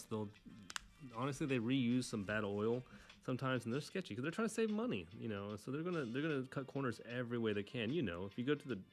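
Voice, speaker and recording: A young man casually chatting while he draws, rambling and correcting himself as he goes. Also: lowish voice. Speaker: artist drawing on camera. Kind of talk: casual chat while drawing.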